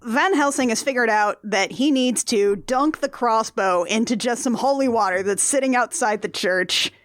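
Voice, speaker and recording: Woman, casual movie podcast chat, playful recapping, higher voice, dry mic. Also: moderate pace, no echo. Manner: playful, recaps scenes with acted quotes. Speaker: podcast co-host.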